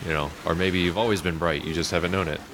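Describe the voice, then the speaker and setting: A man's voice: deep voice, steady tone, fast talker, noisy background. A man co-hosting a podcast, making dry wisecracking remarks while his friend plays a game. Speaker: podcast co-host. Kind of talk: casual gameplay chat.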